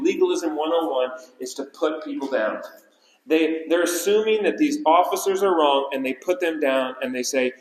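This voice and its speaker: A man preaching a sermon as pastor, repeating key phrases and slowing down to stress them. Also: fairly high pitch. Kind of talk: expository sermon. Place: church sanctuary. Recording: roomy church hall reverb.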